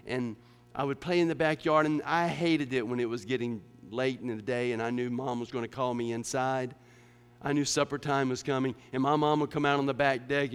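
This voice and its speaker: A pastor preaching a sermon, dropping to a hush and then rising to emphatic passages. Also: male voice, mid-range voice, clean tone. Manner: dramatic, swings from hushed to emphatic. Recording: long hall reverb.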